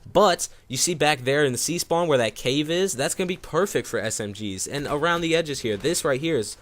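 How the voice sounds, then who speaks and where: A man's voice: on the high side, expressive, moderate pace. A young man giving casual gameplay commentary, rambling and repeating words with many fillers. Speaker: gaming commentator.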